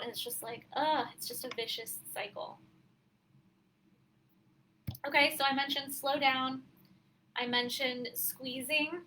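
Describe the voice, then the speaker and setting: A woman coach talking casually on a live stream, chatty and candid and quick to laugh. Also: sits high, pushed and bright, a little hiss or hum, poor audio.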